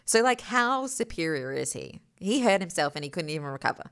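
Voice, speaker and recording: A woman's voice: fairly low pitch, big pitch swings, brisk, a bit bright, smooth. A woman co-hosting a podcast, chatting casually with playful, wry jokes. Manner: joking, playful, wry asides. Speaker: podcast co-host. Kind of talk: casual chat.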